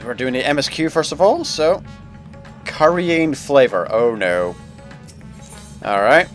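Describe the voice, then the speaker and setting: A man's voice: mid-range voice, very animated, measured pace. Guy narrating his game playthrough, voice jumps all over, faint game music underneath. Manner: chatty, laughs at himself, reads dialogue aloud. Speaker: game streamer. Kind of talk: let's play commentary.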